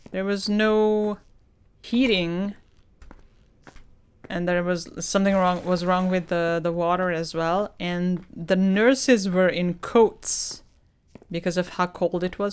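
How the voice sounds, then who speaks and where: A woman's voice: mid-range voice, slight background noise. A woman, not a native English speaker, casually commenting on a game, swearing a lot and ranting, breaking into laughs. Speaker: gaming streamer.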